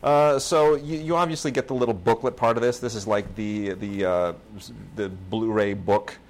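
Low-voiced man rambling on a podcast. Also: steady tone, moderate pace, a little hiss or hum. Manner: enthusiastic, rambling, self-mocking. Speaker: podcast co-host. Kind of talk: casual chat about home video releases.

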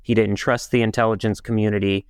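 A middle-aged man hosts a podcast in a lowish, smooth voice. He talks earnestly and at length, restarting his phrases now and then. The recording is dry and close. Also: level tone, fast, no room sound. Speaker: podcast host. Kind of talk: casual interview talk.

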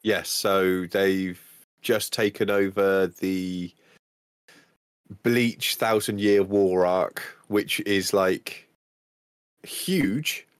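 Deep-voiced laid-back male co-host. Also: steady tone, extremely slow, long pauses, smooth, no room sound, clean studio sound. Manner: laid-back, stumbles over words. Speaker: podcast co-host. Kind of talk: casual chat.

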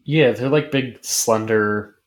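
A man's voice: mid-range voice, slow. A man co-hosting a podcast in casual chat, recapping loosely with fillers and casual swearing. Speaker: podcast co-host.

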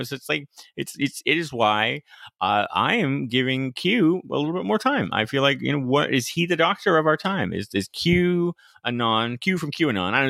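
A man co-hosting a podcast in casual chat, animated and quick to laugh, acting out quotes in a high voice. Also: gravelly, no echo. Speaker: podcast co-host.

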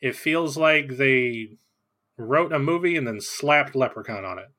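A man's voice: medium pitch, unhurried. A man co-hosting a casual film podcast, talking loosely with many fillers. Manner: relaxed, hesitant, filler-heavy. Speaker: podcast co-host.

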